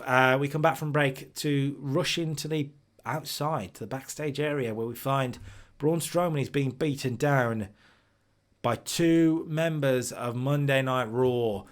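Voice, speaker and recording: Chatty man recapping a game. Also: medium pitch. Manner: chatty, recaps segments and reads out ratings. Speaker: streamer booking a wrestling sim. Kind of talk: casual game commentary.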